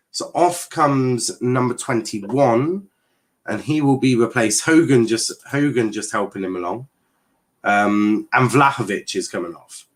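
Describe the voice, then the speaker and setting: A man's voice: on the low side, a bit bright. An English man hosting a live stream in casual chat, laughing often, repeating words and reading out viewer comments with sarcastic asides.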